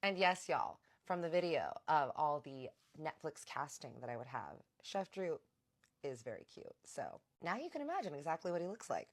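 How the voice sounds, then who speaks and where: Chatty woman with a very low voice. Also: big pitch swings, moderate pace. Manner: chatty, lots of quoting and slang. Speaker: vlogger. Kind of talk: casual storytime vlog.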